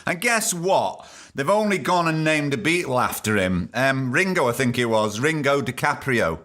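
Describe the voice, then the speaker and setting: A man's voice: medium pitch, very animated, moderate pace, fairly bright tone. A man hosting a comedy podcast, talking wryly and rambling with frequent ums. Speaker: podcast host.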